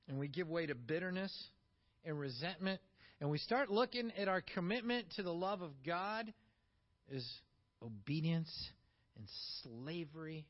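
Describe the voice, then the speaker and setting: Animated high-voiced male preacher. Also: lo-fi sound. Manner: animated, rising to emphatic peaks and dropping to quiet asides. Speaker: pastor. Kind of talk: sermon.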